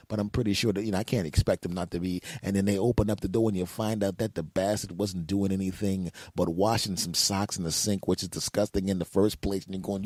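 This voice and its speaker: A man hosting a podcast, telling comic stories in an animated way, acting out voices and swearing often. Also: on the low side, a little fast, hardly any pauses, dry recording, studio quality. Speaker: podcast host. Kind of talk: comedic storytelling monologue.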